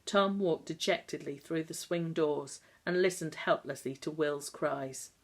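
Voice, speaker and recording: A woman reading a novel aloud in a calm, measured way. Her voice sits notably low for a woman, steady through the narration. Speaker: audiobook narrator. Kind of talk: scripted narration.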